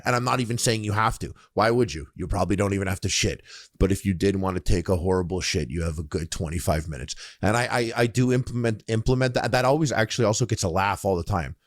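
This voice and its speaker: A man co-hosting a casual podcast, telling stories with lively acted-out bits. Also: low-pitched, fast talker, no echo, clean studio sound. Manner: animated storyteller, acts out scenes. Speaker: podcast co-host.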